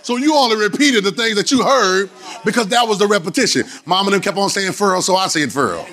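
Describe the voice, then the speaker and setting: Louisiana man preaching, high voice, rhythmic call-and-response. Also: expressive, brisk, bright, forceful tone, some chatter behind. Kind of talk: sermon. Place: church sanctuary.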